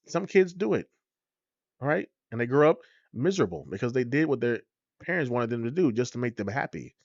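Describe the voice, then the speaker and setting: A man's voice: mid-range voice, darkish tone, no echo, dull audio. A man hosting a motivational podcast, talking straight to his listeners, preachy and repetitive, calling them "y'all". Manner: preachy, repeats points, addresses listeners as "y'all". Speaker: podcast host.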